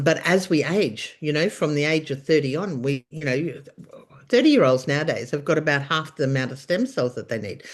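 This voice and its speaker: A middle-aged Australian woman and nurse telling her story in a casual chat, animated and emphatic, rambling with frequent restarts. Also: sits low. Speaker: guest, nurse.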